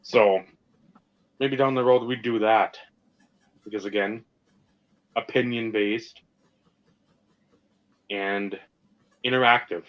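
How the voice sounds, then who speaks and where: A man's voice: lowish voice, slow, long pauses. A man co-hosting a podcast, talking casually and ranting with plenty of swearing. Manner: animated, profane ranting. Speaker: podcast co-host. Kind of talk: casual sports and hobby chat. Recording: slightly dull lo-fi sound.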